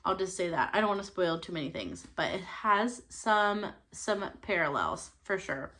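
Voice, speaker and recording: A young woman talks through her recent reads in a relaxed, chatty way. She hesitates with plenty of ums and laughs lightly between thoughts. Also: on the low side, normal speed. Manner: chatty, many fillers and laughs. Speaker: book channel host. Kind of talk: casual book review chat.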